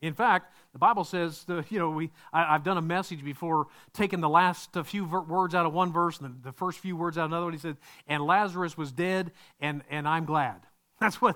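A man preaching a sermon, asking the congregation questions and acting out the people in the story. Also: on the high side. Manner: animated, acts out quoted voices, asks the congregation questions. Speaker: pastor.

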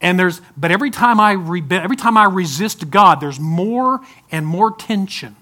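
Man, pastor, sermon, high-pitched, bright tone, urgent then hushed pleading. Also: lively intonation, normal speed. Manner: swings from loud urging to soft pleading.

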